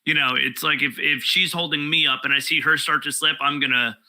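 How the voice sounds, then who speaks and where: A man, a guest comedian telling profane, animated stories in casual podcast chat. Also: fairly high pitch, fairly quick, low-quality recording. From New York.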